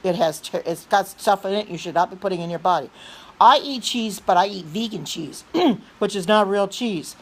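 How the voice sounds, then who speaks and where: A woman hosting a livestream, talking insistently and earnestly, often repeating herself, restarting sentences and clearing her throat. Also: mid-range voice, normal speed. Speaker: livestream host reading chat. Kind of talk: earnest preaching livestream chat.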